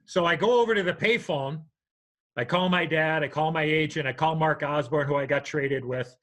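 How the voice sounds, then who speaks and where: Older male co-host, bright and slightly high voice, animated storyteller. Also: brisk, low-quality recording. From United States. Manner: animated, acts out voices in his anecdote. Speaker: podcast co-host. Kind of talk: storytelling in casual chat.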